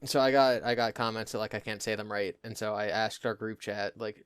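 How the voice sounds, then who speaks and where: A man's voice: fairly low pitch, level tone, a little fast, clean tone, no echo, clean studio sound. A young man from New Jersey with a New Jersey accent, co-hosting a podcast in rambling casual chat and laughing often. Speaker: podcast co-host.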